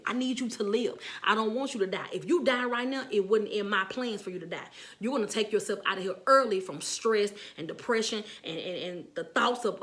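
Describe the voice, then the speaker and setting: A woman's voice: fairly high pitch, fairly bright tone. Earnest woman preaching casually. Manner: earnest, encouraging, conversational, repeats herself. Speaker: motivational speaker.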